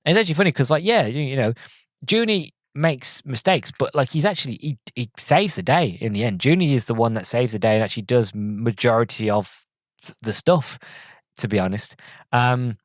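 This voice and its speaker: Man in his twenties, podcast host, casual solo review, rambling, enthusiastic, middle pitch, dry close sound. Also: lively intonation, brisk, dry recording. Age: 20s. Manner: rambling and enthusiastic, heavy on fillers.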